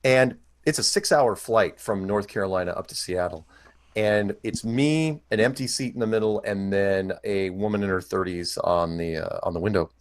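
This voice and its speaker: Low-voiced man rambling through a story. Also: normal speed, no echo. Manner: rambling, jokey, acts out quotes. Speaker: podcast host telling a story. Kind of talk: anecdotal storytelling.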